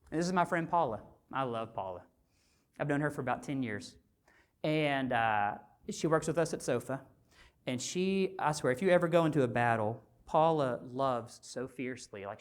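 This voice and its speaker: A male physician giving a motivational conference talk, conversational and animated, often asking the audience rhetorical questions. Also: fairly high pitch. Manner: animated storyteller. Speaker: physician and speaker at a health summit.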